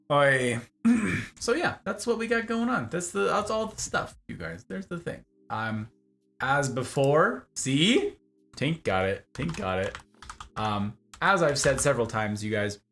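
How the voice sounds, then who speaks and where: A hoarse male streamer rambles through a casual end-of-stream chat, his voice rising and falling over a wide, lively range as he plays with words. Faint music runs behind him. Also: medium pitch. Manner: rambling, playful wordplay, grateful. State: hoarse from talking.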